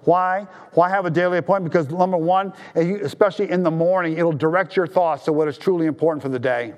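A man preaching a sermon as pastor, swinging from raised appeals down to hushed, low tones for emphasis. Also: quick pace, few pauses.

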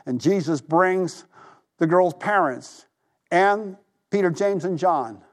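A male pastor preaching a sermon, telling stories animatedly, acting out the voices he quotes and dropping to a hush for emphasis. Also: high-pitched, lively intonation, slow. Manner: drops to a hushed voice for emphasis.

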